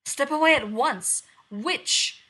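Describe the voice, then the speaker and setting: A woman voicing a fierce, protective huntress who commands loudly and sharply. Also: high-pitched, slow, voice pushed up, full character voice. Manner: commanding, shouting.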